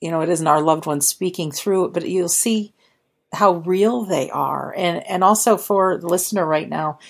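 A woman podcast host with a low, gravelly voice, encouraging her guest as she steers the talk. Her tone is slightly husky. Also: moderate pace. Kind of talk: interview hosting.

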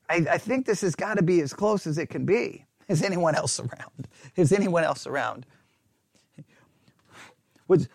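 A pastor chatting in a rambling, animated, self-mocking way while testing his lapel mic in a small closed-in room. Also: a little high, no echo, clean studio sound. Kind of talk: casual talk while testing a microphone. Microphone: wireless lapel mic with belt-clip transmitter.

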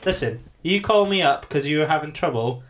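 A man playing a touchy male rock guitarist on the phone in a comedy sketch, blunt, swearing and quick to threaten. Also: a little high, lively intonation, a bit bright, slight background noise. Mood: businesslike.

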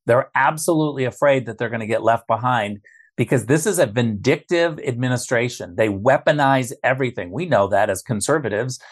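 A man speaking as a guest on a political talk show, forceful and emphatic, stressing his points by repeating them. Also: medium pitch, fairly quick.

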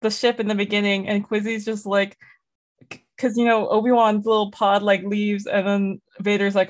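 A woman in casual chat, animated and laughing through her retellings of scenes. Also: medium pitch, normal speed.

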